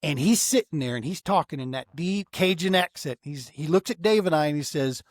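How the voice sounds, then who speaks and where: A man's voice: a little high, expressive, brisk, hardly any pauses, no room sound, clean studio sound. Earnest middle-aged man telling a story. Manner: earnest and emotional, many "man" and restarts. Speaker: podcast guest, outdoor therapy founder. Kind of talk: casual storytelling in a podcast interview.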